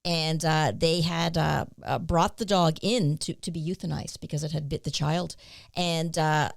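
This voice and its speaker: Woman, lower voice, podcast co-host, halting anecdotal delivery, dry sound. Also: fairly even intonation, vocal fry, no room sound. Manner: hesitant, many fillers, emphatic yeses. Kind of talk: casual podcast conversation.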